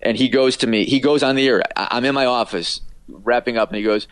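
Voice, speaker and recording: A man's voice: medium pitch, fast, smooth, no room sound. A man, an author and radio producer, telling anecdotes casually as an interview guest, with many fillers and restarts.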